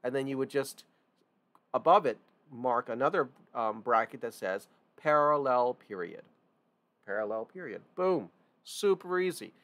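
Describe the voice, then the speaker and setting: A man's voice: medium pitch, lively intonation, unhurried, fairly bright tone. Casual male music theory teacher. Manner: informal and repetitive, stressing key points, with restarts. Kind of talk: casual online lesson.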